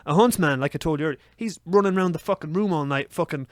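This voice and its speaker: A young man telling a story on a podcast, swearing freely and acting out his own frantic shouts. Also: fairly high pitch, fast, no echo, studio quality. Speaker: podcast co-host. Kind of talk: casual storytelling chat.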